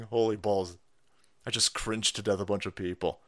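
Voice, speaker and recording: A man hosting a profane, sarcastic political rant show, breaking into loud mock outrage. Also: lowish voice, fairly even intonation, normal speed. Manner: foul-mouthed, sarcastic, shouting in mock outrage. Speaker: political commentary host.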